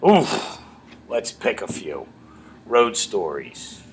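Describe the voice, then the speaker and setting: Interviewed at an open mic night in a bar, a middle-aged comedy club owner and comedian tells stories very slowly in a lowish voice, crude, self-mocking and animated. Faint room ambience and a little hiss or hum sit in the background.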